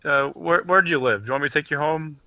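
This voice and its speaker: A man's voice: fairly high pitch, quick pace, pushed and bright, no echo. A young man playing a character in a casual tabletop role-play, playful and giggly. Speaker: player.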